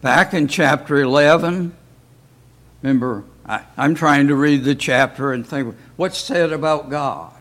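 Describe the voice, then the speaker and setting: In an unhurried, fairly high voice with a bit of brightness, a man gives a casual Bible lesson at church. He speaks in homespun fashion and often asks questions he doesn't expect answered.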